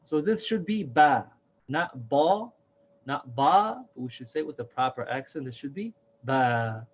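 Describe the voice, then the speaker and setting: A man teaching a slow, careful alphabet lesson, patiently repeating each letter's name and sound. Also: medium pitch, animated, a little hiss or hum. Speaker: Quran reading teacher. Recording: dull, lo-fi sound.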